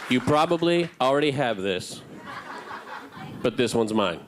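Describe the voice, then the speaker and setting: A man's voice: mid-range voice, expressive, measured pace, very noisy. A man on a convention panel, bantering and teasing the audience in a mock-formal way.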